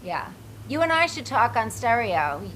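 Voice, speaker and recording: A woman's voice: on the high side, big pitch swings, moderate pace, fairly bright tone, a little hiss or hum. A woman comedian from the United States chatting casually as a guest, joking in a rambling, self-deprecating way. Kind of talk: casual chat.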